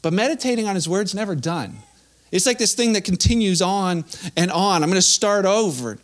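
A young man with a high voice preaches in a loose, chatty way, slipping into playful little acted-out bits. His delivery feels like talking with friends rather than lecturing. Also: lively intonation, moderate pace. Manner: casual, conversational preaching with playful acted-out asides. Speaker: pastor. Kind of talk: sermon.

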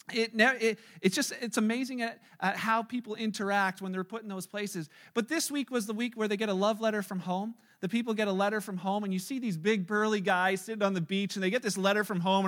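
A man's voice: sits high, a bit bright. A middle-aged man, a pastor, giving a casual, conversational sermon and acting out the voices of the people he quotes.

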